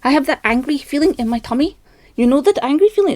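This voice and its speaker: A woman's voice: high-pitched, expressive, fast, a little mellow, no room sound. Agitated ranting woman. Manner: agitated, rambling, self-mocking. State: slightly out of breath. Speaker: vlogger. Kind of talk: ranting monologue to camera.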